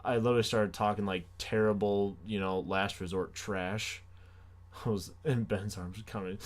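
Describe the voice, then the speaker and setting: A young man telling a comic story on his podcast, animated and self-mocking, with sarcastic asides. His voice sits fairly low for a man. He swings between hushed lines and excited outbursts. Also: normal speed. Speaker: podcast host.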